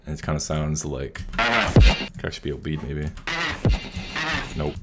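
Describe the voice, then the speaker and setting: A man's voice: a bass voice, animated, a little slow. A young man producing music, talking in casual, joking, cocky and profane banter at a desk mic. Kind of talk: casual screen-recorded production vlog. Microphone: desk mic near loud keyboard. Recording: loud music playing over the voice.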